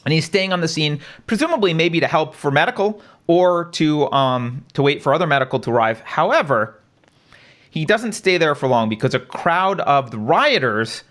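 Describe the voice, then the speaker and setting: A man hosting a talk show, speaking in a fairly high voice that swings widely in pitch. He lays out a chain of events step by step, poses rhetorical questions to his co-host and keeps checking in with a casual "right?". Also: fairly bright tone. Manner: casual, conversational, says "right?" often. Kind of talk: live-stream commentary.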